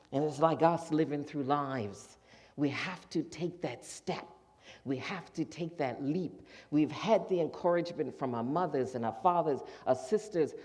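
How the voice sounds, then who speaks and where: A minister preaching in a church and telling a story to the congregation. The delivery is animated, and the preacher acts out the voices of the characters in the story. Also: medium pitch. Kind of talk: sermon. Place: church sanctuary.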